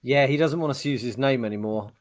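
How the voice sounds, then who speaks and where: A man's voice: mid-range voice, fast. A man co-hosting a podcast, telling rambling stories in casual chat and acting out the lines he quotes. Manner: rambling storyteller, animated retelling of quotes. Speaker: podcast co-host.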